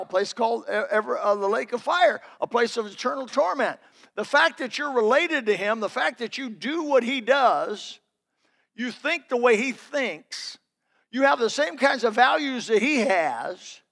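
A man's voice: extremely high pitch, vocal fry, fairly bright tone. A man preaching a sermon, telling folksy personal stories in an emphatic, building delivery.

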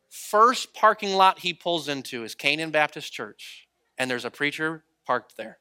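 Male preacher, fairly high and bright tone, animated story sermon, acts out quoted voices. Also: measured pace, clean tone. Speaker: traveling preacher.

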